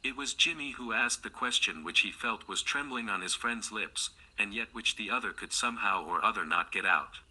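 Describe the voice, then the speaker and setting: Male narrator for a classic mystery audiobook; cutting, husky tone, steady delivery. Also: fairly low pitch, moderate pace, few pauses. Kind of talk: scripted narration.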